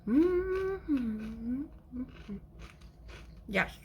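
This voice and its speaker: Woman vlogger, slow rambling chat, slightly high voice, faint kitchen hum. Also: expressive, mellow, dull audio. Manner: rambling, chatty, talks to her cat. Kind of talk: casual cooking vlog chat. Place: home kitchen.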